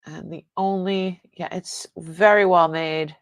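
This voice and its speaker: A woman's voice: fairly low pitch, fairly even intonation, slow pace, smooth, no room sound. A woman hosting a live online jewelry sale, chatting casually with viewers and rambling, often breaking off mid-sentence. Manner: chats with viewers reading comments.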